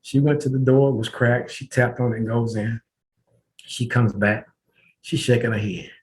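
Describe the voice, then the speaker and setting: A middle-aged man, a podcast guest, telling a personal story in a lively way and acting out the back-and-forth of conversations. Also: mid-range voice, normal speed. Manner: lively storyteller who acts out dialogue with laughter. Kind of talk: storytelling in an interview.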